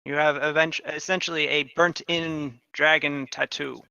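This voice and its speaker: Slow, gravelly male game master, bright tone, dry close mic. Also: fairly high pitch, fairly even intonation, no room sound, highs cut off. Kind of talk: narrating a tabletop game.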